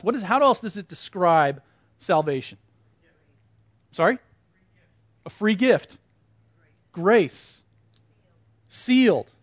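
High-voiced man teaching a Bible class. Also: dry recording, dull audio. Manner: conversational, quizzes the class and repeats back their answers.

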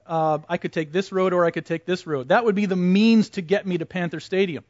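High-voiced man teaching a Bible class. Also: fairly even intonation, brisk, a little mellow, no echo, lo-fi sound. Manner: conversational, quizzes the class and repeats back their answers.

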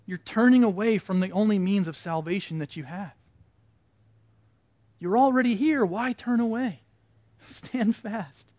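A man leads a Bible class in a relaxed, conversational way, asking the group questions and echoing back what they answer. His voice sits fairly high. The recording is dull and muffled, with a dry, close sound. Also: measured pace, pauses often. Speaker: Bible study teacher. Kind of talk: interactive Bible class teaching.

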